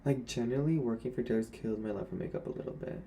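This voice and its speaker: A man's voice: medium pitch, rapid-fire, creaky, dark tone, slight background noise. A young man, a former retail worker, speaking to camera in a candid, sassy and blunt rant about old coworkers.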